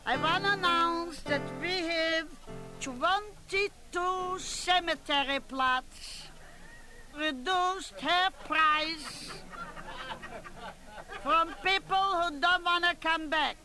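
A woman's voice: extremely high pitch, extremely slow, over music, full character voice, rough recording. A woman playing an older, gossipy and bossy chairwoman who runs a club meeting, chatting and scolding as she keeps cutting herself off. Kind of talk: comic character monologue.

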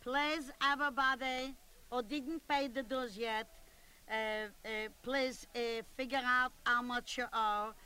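A woman's voice: high voice, steady tone, a little slow, sharp tone, clear, resonant tone, rough recording. A woman in a comic character monologue who chats and bosses people around in broken English. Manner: chatty, bossy, broken-English phrasing. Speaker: comedian playing a club meeting chair.

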